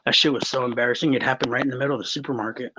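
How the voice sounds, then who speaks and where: A man's voice: medium pitch, steady tone, very fast, bright, forceful tone, a little hiss or hum. A man from Texas in casual podcast chat, telling stories with lots of swearing and restarts. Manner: rambling, swearing, storytelling. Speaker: guest. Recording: slightly muffled recording.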